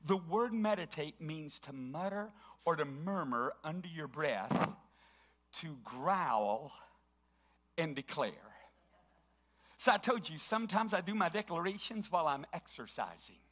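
A man's voice: a little high, expressive, unhurried, a bit bright. A middle-aged male pastor preaching a sermon, fervently declaring scripture aloud and sometimes chanting it.

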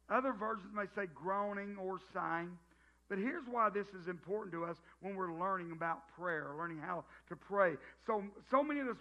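A man's voice: sits high, bright, forceful tone. A middle-aged man with a Southern US accent preaching a sermon in a folksy, joking way, often restarting his sentences. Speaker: pastor. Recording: dull lo-fi sound.

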